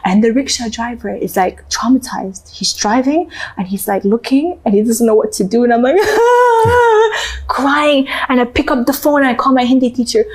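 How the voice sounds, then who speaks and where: A young woman from Canada, an interview guest, telling an emotional story with animated acted-out voices and laughter. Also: a little high, a little fast, few pauses.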